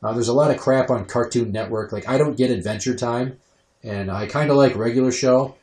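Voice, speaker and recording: Crude, animated man in an echoey room. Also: mid-range voice, brisk. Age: young adult. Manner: crude, animated, swears freely, puts on voices for quotes. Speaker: podcast host. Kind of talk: casual podcast chat.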